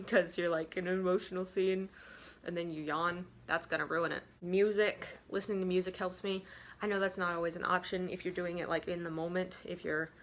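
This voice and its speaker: Young woman vlogging, kinda low voice, rambly, says like a lot. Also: fairly bright tone. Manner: rambling, self-deprecating, frequent "like". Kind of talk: casual confessional tips.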